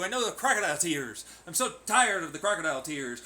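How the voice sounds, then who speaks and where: A man's voice: fairly high pitch, big pitch swings, quick pace, few pauses, bright, forceful tone. A man delivering a profane, sarcastic vlog rant, mocking the people he talks about in imitation voices. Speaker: vlogger. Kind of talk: ranting vlog commentary.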